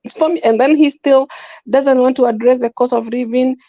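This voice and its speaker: High-voiced emphatic Kenyan woman. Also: steady tone, a little fast, dark tone, no room sound, highs cut off. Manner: emphatic, repetitive, mixes in Swahili. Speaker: panel guest. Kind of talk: impassioned political opinion.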